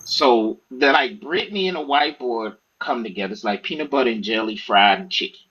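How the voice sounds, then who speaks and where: Animated husky man telling stories. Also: medium pitch, brisk, dull audio. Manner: animated, profane, acts out quoted speech. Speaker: author guest. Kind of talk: casual storytelling interview.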